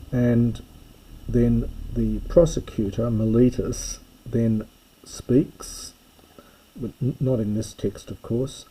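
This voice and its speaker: A man giving a recorded lesson, reading and explaining a Greek text in a slow, methodical way with frequent pauses and fillers. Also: mid-range voice, warm tone, slightly rough, rough recording. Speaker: teacher.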